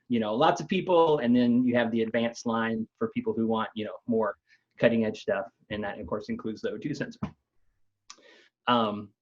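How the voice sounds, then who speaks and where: A man's voice: mid-range voice, lo-fi sound. Man explaining tech news casually. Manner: thoughtful, many fillers and restarts.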